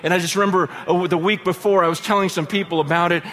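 A man preaching as a pastor, telling a story conversationally with many asides, swinging between excited outbursts and hushed earnest lows. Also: fast. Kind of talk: sermon storytelling.

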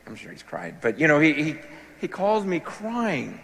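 A male pastor preaching a sermon, impassioned, swinging between loud emphasis and hushed, soft passages. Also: a little high, sing-song, moderate pace. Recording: long reverb of a large hall.

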